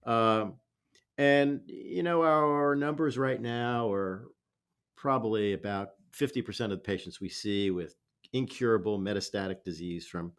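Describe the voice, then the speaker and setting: A man, a physician hosting an interview, who speaks in a measured way with hesitant fillers. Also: lowish voice, clear, resonant tone. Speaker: physician and podcast host. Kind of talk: interview conversation.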